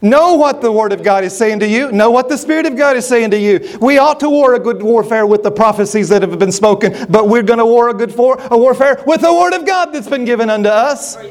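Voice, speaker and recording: A middle-aged man preaching with a high voice. He drives his points home by repeating phrases, and he stumbles and restarts as he builds. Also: a little fast, few pauses. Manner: emphatic, repetitive, with frequent restarts. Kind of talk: sermon.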